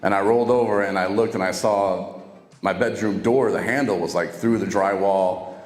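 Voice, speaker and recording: Casual low-voiced man in an echoey hall. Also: fairly even intonation, moderate pace. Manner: casual, conversational, acts out quoted dialogue. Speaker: podcaster telling his recovery story. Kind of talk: personal storytelling to camera. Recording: echoey room with long reverb and faint music.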